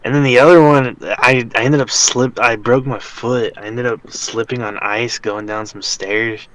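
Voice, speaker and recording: A young man co-hosts a casual podcast and tells a rambling story, full of fillers and restarts. His voice sits at an ordinary middle pitch for a man. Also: steady tone, a little slow, fairly bright tone, low-quality recording. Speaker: podcast co-host. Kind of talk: casual chat.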